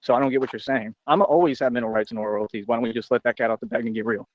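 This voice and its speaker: A man's voice: medium pitch, steady tone, rapid-fire, lo-fi sound. A man on a livestream ranting in a boastful, confrontational, rambling way.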